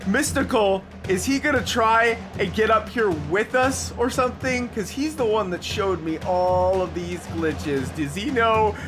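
Man, gaming YouTuber, high voice, excitable, shouty, gameplay commentary. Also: a little slow, hardly any pauses, music in the background. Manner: excitable, frequent yelps and shouts.

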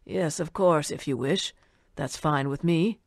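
A woman reading an audiobook, voicing a frail, polite old man who speaks slowly and mumbles as if talking to himself. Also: deep voice, dry recording, clean studio sound. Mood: vague, mild. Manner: slow, musing, as if talking to himself.

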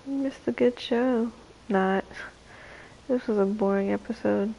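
A young woman hosts a late-night livestream in a drowsy, trailing-off way. Her voice sits a little high but runs rough and gravelly tonight, and her words come slowly. A faint hiss sits under the recording. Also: warm tone, highs cut off. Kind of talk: casual late-night stream chat.

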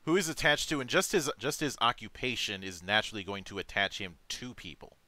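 A man in casual discussion, talking haltingly and restarting often. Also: lowish voice, animated, bright, forceful tone. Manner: halting, frequent restarts and fillers.

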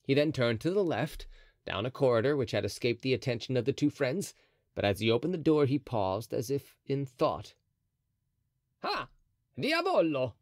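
A man's voice: medium pitch, lively intonation, a little fast, a little mellow, no room sound, studio quality. A man narrating a classic adventure novel as an audiobook, telling the story expressively. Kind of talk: scripted narration.

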